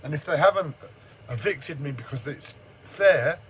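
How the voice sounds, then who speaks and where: Man, raw swearing rant, slightly high voice, faint noise behind. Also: expressive, unhurried, fairly bright tone, poor audio. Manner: swears heavily, agitated and raw. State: shaken, says he speaks like he is in shock. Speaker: livestreamer. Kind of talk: angry personal rant. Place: standing in front of a camera.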